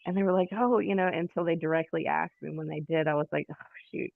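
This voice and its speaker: A woman speaking candidly in a casual conversation, halting and self-deprecating, over a call. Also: low-pitched, fairly even intonation, vocal fry, crowd noise. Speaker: guest sharing her story. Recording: tinny phone line.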